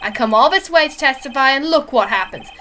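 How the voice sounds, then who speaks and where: A woman voicing a shifty, loud male murder witness who blusters and stammers defensively. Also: high-pitched, expressive, fairly quick, slight background noise. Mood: blustering.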